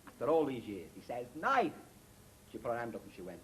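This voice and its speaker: A man's voice: medium pitch, animated, rapid-fire, a little mellow, slight background noise, rough recording. A man on a comedy panel telling a long joke in a chatty, rambling way. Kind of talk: telling stand-up jokes.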